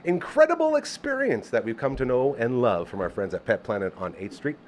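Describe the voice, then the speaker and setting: A man's voice: medium pitch, sing-song, a little fast. A man hosting a studio show, delivering an upbeat, salesy sponsor read with jokey asides. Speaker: host. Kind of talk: live-read sponsor ad and casual chat. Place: small studio.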